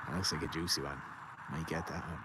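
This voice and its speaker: Deep-voiced Irish man chatting in a garden. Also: steady tone, fast talker, very noisy. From Ireland. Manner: rambling, joking, reads out viewer comments. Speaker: livestream host. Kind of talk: casual live-stream chat. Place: garden outdoors at night.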